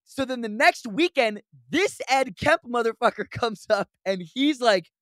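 A man hosting a podcast, telling animated stories with acted-out quotes and frequent laughter. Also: very high-pitched, unhurried, no echo, studio quality. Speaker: podcast host. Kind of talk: casual podcast chat.

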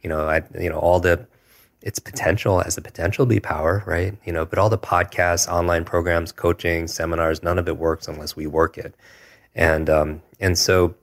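A man in his 40s, appearing as an interview guest, reflects earnestly on his past in a personal story. His extremely low, creaky voice keeps a level tone with very little pitch movement. He often pauses on asides such as "if you will."

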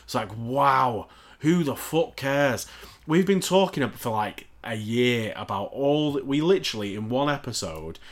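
A man talks fast and loose on a casual podcast, swearing constantly and sounding exasperated and sarcastic. His voice sits in an ordinary middle pitch. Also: lively intonation. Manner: heavily profane, exasperated, sarcastic ranting. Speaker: podcast co-host.

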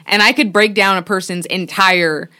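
Woman, casual chat, reflective, supportive, mid pitch. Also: steady tone, normal speed, sharp tone. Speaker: podcast co-host, writer.

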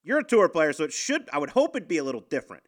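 A man hosting a casual podcast chat, upbeat and animated as he tells stories. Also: a little high, very fast. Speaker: podcast host.

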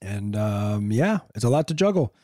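A man's voice: fairly low pitch, very animated, normal speed, dark tone, no room sound. A man co-hosting a show, chatting casually with wry, dry remarks. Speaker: show co-host. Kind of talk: casual chat.

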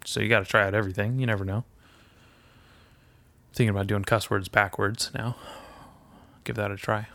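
A man's voice: fairly low pitch, steady tone, normal speed, vocal fry, long pauses, sharp tone, dry recording. A man ranting in a rambling, foul-mouthed monologue as a podcast host, mixing indignation with self-deprecating asides. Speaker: podcast host and aspiring comedian.

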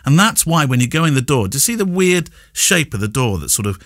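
Lively chatty man hosting a podcast. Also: medium pitch, fast, no echo, clean studio sound. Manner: chatty, laughs often, rambling with restarts. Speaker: podcast host. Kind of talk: casual chat.

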